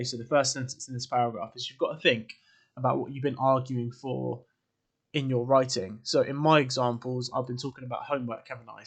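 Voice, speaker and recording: A man teaching an English writing lesson to camera, informal and chatty, quizzing the viewer and adding asides. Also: medium pitch. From England. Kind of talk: classroom lesson video.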